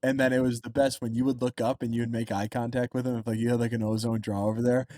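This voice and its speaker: A man's voice: medium pitch, flat delivery, quick pace, dark tone, no echo. A young man in his twenties co-hosting a podcast, chatting casually and rambling with plenty of fillers. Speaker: podcast co-host. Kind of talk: casual chat.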